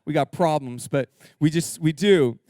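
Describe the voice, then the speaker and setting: A male pastor delivers an energetic, joking sermon and pushes his congregation to answer back. His voice sits a bit high and comes through smooth and resonant. The sound is dry and close. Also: moderate pace, no echo. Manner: energetic, humorous, calls for audience response. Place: church sanctuary.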